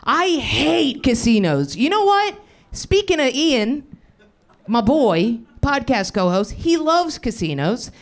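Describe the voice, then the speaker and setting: A young woman riffing stand-up off the crowd's suggestions, brash and profane. Her voice sits a bit high, and she jumps from one bit to the next fast. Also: sing-song. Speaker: stand-up comedian. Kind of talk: improvised stand-up.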